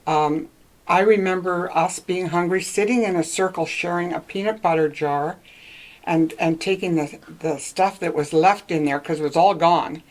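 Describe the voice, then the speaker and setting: Older lady from northern ontario telling old stories, lowish voice, chatty and laughing. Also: moderate pace, poor audio. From northwestern Ontario, Canada. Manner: reminiscing, rambling, laughs often. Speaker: interviewee. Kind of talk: casual oral-history interview.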